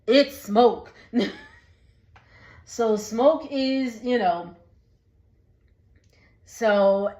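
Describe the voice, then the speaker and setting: A woman's voice: a little high, extremely slow, long pauses, a little mellow, low-quality recording. A woman, chatty and casual, recapping a film with many fillers and acted-out lines. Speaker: vlogger.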